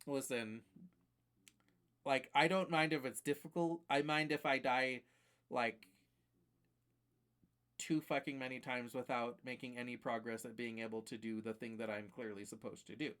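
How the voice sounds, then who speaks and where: A man's voice: medium pitch, steady tone, normal speed, pauses often, a bit bright. A man streaming live, ranting casually and profanely about games that beat him, rambling with fillers.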